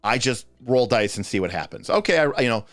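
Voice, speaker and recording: Expressive and brisk, a man with a mid-range, slightly bright voice hosts a livestream, fielding game master questions. His talk is chatty and meandering, frequently cut off mid-thought, with no room sound.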